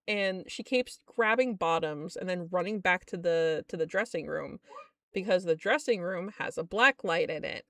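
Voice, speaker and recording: A young woman streamer telling a story in casual chat, animated and exasperated, laughing often. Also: on the low side, moderate pace, no room sound, clean studio sound.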